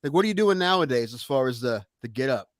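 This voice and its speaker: A man hosting a podcast, asking his guest relaxed, curious questions in casual chat. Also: mid-range voice, fast talker, dry recording, clean studio sound. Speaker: podcast host.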